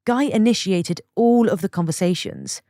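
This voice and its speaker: A woman reading online stories aloud and reacting to them with chatty, expressive commentary between readings. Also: mid-range voice, normal speed, no room sound, studio quality. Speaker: story narrator.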